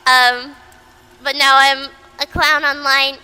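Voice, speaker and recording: A woman's voice: high-pitched, little pitch movement, slow pace, sharp tone. A woman VTuber in casual livestream chat who rambles, repeats herself, swears freely and mocks herself bluntly. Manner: blunt and self-mocking. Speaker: VTuber streamer.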